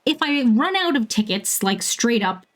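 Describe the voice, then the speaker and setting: A woman around thirty from Bermuda, chatting casually with viewers while she plays a game, laughing often and filling pauses with ums. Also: fairly high pitch, lively intonation. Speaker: streamer.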